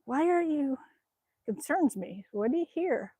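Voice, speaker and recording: A woman's voice: high voice, expressive, measured pace, dry recording. Chatty woman cooing to her dog. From Alaska. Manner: chatty, laughs often, coos softly to her dog. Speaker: livestream host reading chat. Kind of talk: casual livestream chat.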